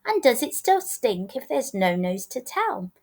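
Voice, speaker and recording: Woman reading as a curious little girl, eager questions, storybook voice, unhurried. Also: on the high side, big pitch swings, a little mellow, exaggerated voice. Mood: puzzled.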